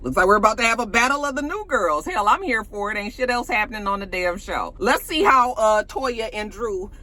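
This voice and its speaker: Woman vlogger, casual slangy recap, swoops all over her range, sharp bright tone. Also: mid-range voice, a little fast. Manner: animated, profane and slangy, laughs often, acts out quotes.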